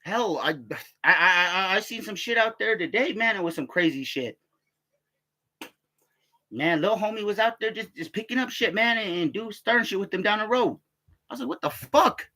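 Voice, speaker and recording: A middle-aged army veteran from the United States talks in a loose, rambling monologue, cursing freely and tripping over repeated words. His voice is bright and sharp, and it sits high for a man. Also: normal speed, long pauses. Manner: profane, rambling, laughs and stammers often. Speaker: army veteran telling stories.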